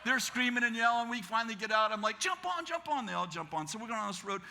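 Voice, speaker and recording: Man, pastor, American accent, high voice, very bright tone, animated storytelling, laughs often, faint hiss. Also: fast talker, vocal fry. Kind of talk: storytelling sermon. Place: church sanctuary.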